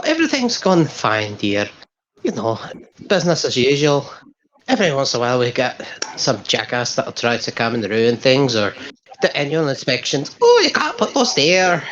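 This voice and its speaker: A woman's voice: deep voice, very animated, moderate pace, a little hiss or hum. A woman voicing a motherly middle-aged tavern keeper who chats and grumbles about inspectors. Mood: chatty, exasperated. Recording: slightly dull lo-fi mic.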